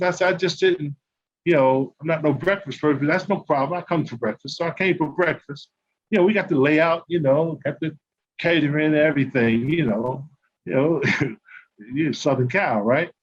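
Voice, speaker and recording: Slightly high-voiced, this older ex-basketball player shares casual stories on a podcast, animatedly performing the dialogue and laughing while he tells them. The sound is a bit muffled, with faint noise in the background.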